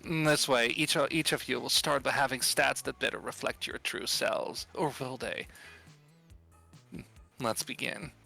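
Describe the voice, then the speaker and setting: A man's voice: mid-range voice, fairly even intonation, measured pace, gravelly, pushed and bright, soft background music, rough recording. A man casually playing a game on video, reading the on-screen text aloud with sarcastic asides. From outside the US. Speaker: gaming YouTuber. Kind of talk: casual let's play commentary.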